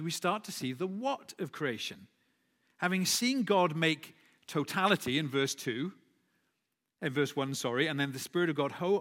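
A man's voice: a little high, fairly bright tone. A man preaching a sermon in a conversational way, with self-corrections and asides. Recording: long hall reverb.

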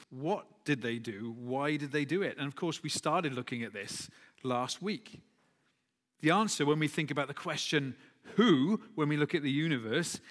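A man's voice: fairly high pitch, fairly bright tone. A man preaching a sermon in a conversational way, with self-corrections and asides. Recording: long hall reverb.

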